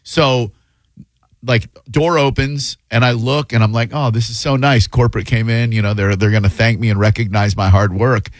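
Low-voiced man in his fifties hosting radio. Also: steady tone, moderate pace, dry recording. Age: 50s. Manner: rambling, self-deprecating anecdotes with fillers. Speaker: fill-in talk radio host. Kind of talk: casual radio chat and storytelling. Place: radio studio. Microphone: studio broadcast mic.

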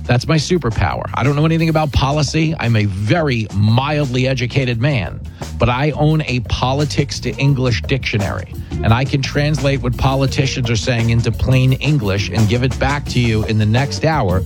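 A man's voice: medium pitch, normal speed, over music. A man hosting a talk radio show, delivering a brash, wisecracking monologue with emphatic asides.

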